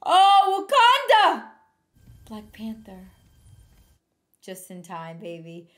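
A young woman reacting to a movie, excitedly shouting and laughing at what she sees. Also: very high-pitched, slow, soft background music. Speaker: reaction video host. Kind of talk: live movie reaction commentary. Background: film soundtrack playing.

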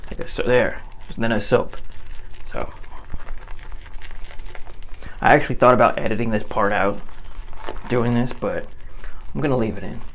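A man's voice: mid-range voice, a little slow, pauses often, fairly bright tone, a little hiss or hum. A man chatting casually and laughing as he vlogs a shave. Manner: laid-back, chuckling, rambling. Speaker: shaving vlogger. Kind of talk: casual vlog chat while shaving.

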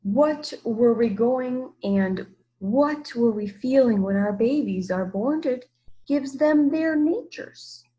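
A woman reading puts on a vast, gentle old storybook monster. It talks in a slow, grave way, and now and then its voice sinks to a near whisper. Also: a little high, animated, dull audio, pitched above the performer's own voice. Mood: solemn. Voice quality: slow deliberate speech, hushed at times.

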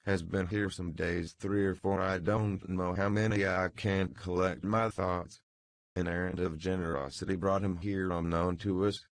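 A man's voice: low-pitched, level tone, measured pace, dry recording. A man voicing a distraught young woman in an audiobook reading, breathless and imploring.

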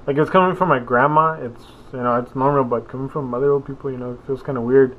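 A man's voice: medium pitch, fairly even intonation, fast, a little hiss or hum. A young man vlogging in a casual, meandering way, full of fillers and self-corrections. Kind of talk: rambling casual vlog. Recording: phone-like narrow sound.

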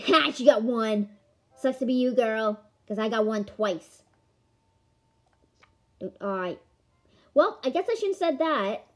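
A woman giving casual commentary on a board game she is playing, excitable, with melodramatic outbursts and playful taunting of her opponent. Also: fairly high pitch, slow, long pauses. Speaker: gamer filming a board game. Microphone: camera mic.

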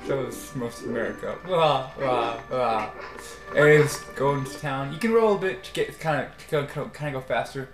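A man's voice: mid-range voice, normal speed, faint music behind. A young man chatting casually while playing a video game, rambling and correcting himself as he goes. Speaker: let's play gamer. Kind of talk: casual gameplay commentary. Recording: roomy echo.

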